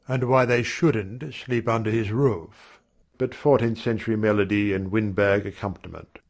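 A man narrates a first-person story with measured, wry timing. His voice sits on the low side. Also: darkish tone.

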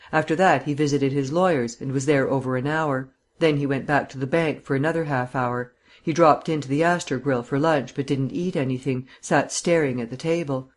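A man's voice: medium pitch, lightly acted. A man voicing a blunt, worried police sergeant giving a plain report in an audiobook reading.

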